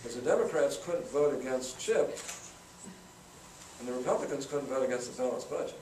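A man's voice: medium pitch, lively intonation, a little fast, darkish tone. An older man telling a long political anecdote to a student audience in a folksy, storytelling manner. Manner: folksy anecdotal, acts out quotes. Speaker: guest speaker, senator. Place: campus event room. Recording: roomy, from far off, noisy.

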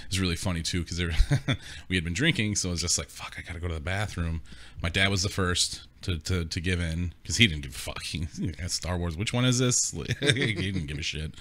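A man's voice: low voice, a bit bright. A young man co-hosting a podcast, telling rambling stories with frequent laughter and casual swearing. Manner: rambling storyteller who laughs often and swears freely. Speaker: podcast co-host. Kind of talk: casual chat.

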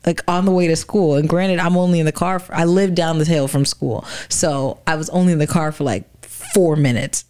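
A young woman co-hosting a casual podcast, with a voice a little lower than most women's. She tells long stories in easy, unhurried chat and laughs often along the way. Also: steady tone, mellow, clean tone. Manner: chatty storyteller, laughs often. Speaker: podcast co-host.

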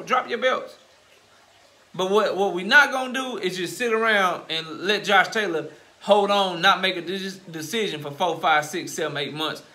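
A man hosting a boxing commentary channel, ranting bluntly and profanely in casual slang, growing louder and heated as he goes. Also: sits high. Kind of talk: casual opinion rant.

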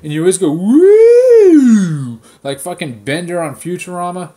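Swearing man ranting, slightly high voice. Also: quick pace, darkish tone. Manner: heavy swearing, mocking falsetto impressions. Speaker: podcast host. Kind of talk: casual profane rant.

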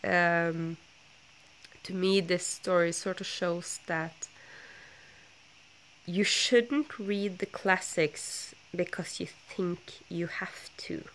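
A woman's voice: fairly low pitch, steady tone, drawn-out words, pauses often, fairly bright tone, a little hiss or hum. A young woman with a stuffy nose from a flu, telling a rambling story in a casual vlog, full of fillers and self-corrections. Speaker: book vlogger.

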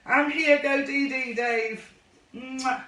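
A woman's voice: on the high side, a little slow, a bit bright, recorded from a distance. A woman running a line dance class on a live stream, chatty and effusive as she greets viewers by name. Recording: roomy echo, voice off-mic.

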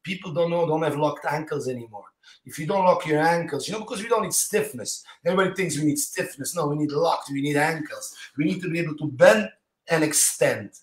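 Animated man telling stories in a roomy space. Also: a little high. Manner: animated, anecdotal, talks in quick fragments with many "you know"s. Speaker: martial arts instructor, podcast guest. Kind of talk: casual interview storytelling. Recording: roomy echo.

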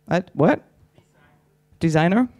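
A man's voice: high-pitched, animated, slow, darkish tone, no echo. A man doing stand-up on a conference stage, teasing the audience with crude, chatty crowd work. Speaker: stand-up comedian.

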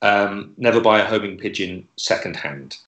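A man hosting an online comedy club, delivering deadpan stand-up in a hesitant way with lots of filler words. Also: on the low side, moderate pace, echoey room, low-quality recording. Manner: hesitant, many fillers and restarts, dry delivery.

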